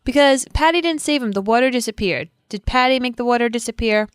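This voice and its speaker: A woman's voice: on the high side, fast, clean tone, no echo, clean studio sound. A woman co-hosting a podcast about a TV show, chatting playfully and reading listener comments aloud. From Rhode Island. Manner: playful, reads listener comments, acts out quotes. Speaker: podcast co-host. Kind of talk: casual chat.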